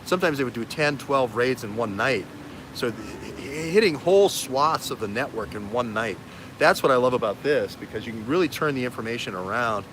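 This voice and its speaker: An investigative journalist hosts a livestream, speaking animatedly and hopping from one thread to another in a bright, forceful, mid-range voice. He talks briskly, with a faint hiss beneath the voice.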